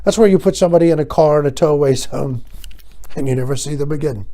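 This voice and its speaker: An older man hosting his own show, telling a rambling, sardonic comic monologue that swings between loud bursts and quiet asides. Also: on the high side, quick pace. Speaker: host.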